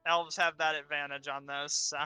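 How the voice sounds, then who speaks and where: A man's voice: on the high side, flat delivery, moderate pace, pushed and bright, clear, resonant tone, faint music behind. A man narrating as game master of a tabletop game, loose and laughing between scenes.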